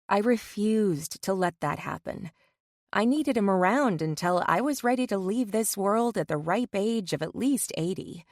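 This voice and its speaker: A woman reading a first-person romance audiobook in an even, measured way into a close mic. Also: mid-range voice, dry recording. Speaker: audiobook narrator. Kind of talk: first-person scripted narration.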